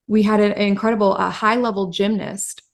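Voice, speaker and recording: Woman, breathwork guest, gravelly vocal fry, animated storytelling, casual interview. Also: mid-range voice, moderate pace. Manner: animated, many "like" and "I mean" fillers.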